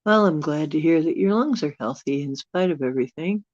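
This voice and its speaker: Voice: medium pitch, lively intonation, fairly quick, darkish tone, no room sound. A live-stream host with allergies, chatting casually with viewers, rambling and chuckling while thinking aloud. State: dealing with allergies. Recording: dull, dry lo-fi sound.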